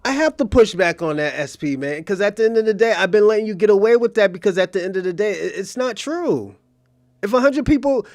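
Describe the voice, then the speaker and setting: Male commentary host, high-pitched, dry close sound; profane, insistent, repeats his points. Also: dry recording. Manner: emphatic, profane, repetitive, argumentative. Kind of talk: casual livestream commentary.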